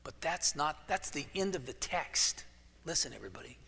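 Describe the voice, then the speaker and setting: A man's voice: on the high side, measured pace, sharp tone. A male pastor preaching a sermon as casual, joking storytelling in a church. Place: church sanctuary. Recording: echoey church hall.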